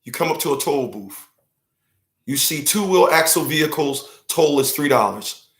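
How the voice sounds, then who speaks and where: A man with a bright, slightly high voice delivers an emphatic opinion monologue and acts out mock conversations. He laughs at his own jokes along the way. The sound bounces around an echoey room. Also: lively intonation, moderate pace. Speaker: commentary show host. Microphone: livestream setup.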